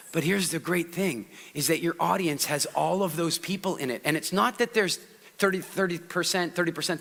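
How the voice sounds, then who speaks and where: Bright, animated man speaking on stage. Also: high-pitched. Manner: animated, swings between loud, fast bursts and soft, slow passages. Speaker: public speaking trainer. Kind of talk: live stage talk to an audience. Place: large event hall. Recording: long reverb of a large hall.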